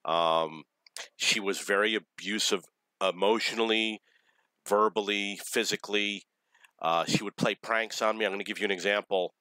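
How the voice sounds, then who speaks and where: An adult man earnestly telling a personal story in a halting monologue, with many pauses and restarts. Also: lowish voice, steady tone, sharp tone, dry recording, rough recording. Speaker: vlogger.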